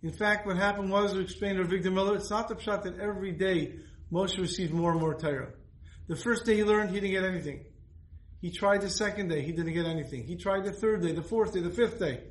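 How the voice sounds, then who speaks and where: High-voiced man teaching Torah. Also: fairly quick, roomy sound, low-quality recording. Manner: earnest, repetitive for emphasis. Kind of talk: Torah lesson with storytelling.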